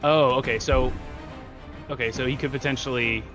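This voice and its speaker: A man playing a tabletop game, upbeat and giggly, thinking out loud. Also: mid-range voice, steady tone, normal speed, over music. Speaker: player.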